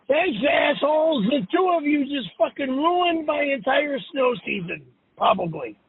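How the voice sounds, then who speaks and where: A man's voice: very high voice, lively intonation, moderate pace, vocal fry, breathy edge, dry recording. A man leaving an angry, profane voicemail from his car, cursing and repeating himself. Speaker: show host. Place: driving in a car. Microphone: phone. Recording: tinny phone voicemail.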